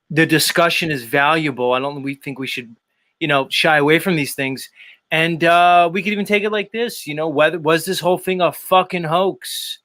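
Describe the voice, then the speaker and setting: A casual male stream host with a slightly high voice, chatting loosely and swearing as he rambles. The sound is dry and close, with no room echo. He talks as if to friends on a live panel. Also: pushed and bright. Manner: loose, swears freely, drawn-out asides.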